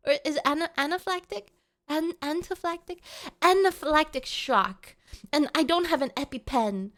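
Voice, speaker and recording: A woman's voice: sits high, sing-song, measured pace, pauses often, a bit bright. A woman streamer chatting casually with her live chat, playful and melodramatic, often pleading with viewers.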